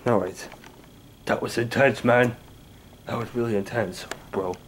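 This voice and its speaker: A man voicing a calm, easygoing male sidekick who speaks quietly. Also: mid-range voice, measured pace, a little hiss or hum, pitched below the performer's own voice, lightly acted. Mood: relieved.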